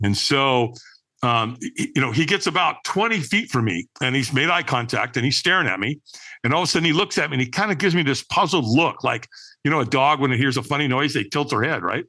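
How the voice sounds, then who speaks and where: A man, a podcast guest, telling a personal story with animated energy, acting out other people's lines and often checking in with "right?". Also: mid-range voice, brisk.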